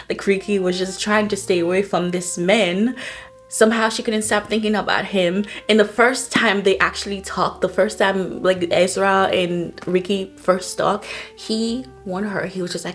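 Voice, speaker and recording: A woman's voice: mid-range voice, moderate pace, faint music behind. A woman book vlogger chatting casually and gushing about a novel, with lots of "like" fillers. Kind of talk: casual book review chat.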